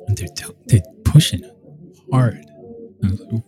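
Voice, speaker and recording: A man's voice: on the low side, steady tone, moderate pace. A man talking in a rambling casual monologue, full of restarts and mocking quoted voices. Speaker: show host. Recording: music playing behind the voice.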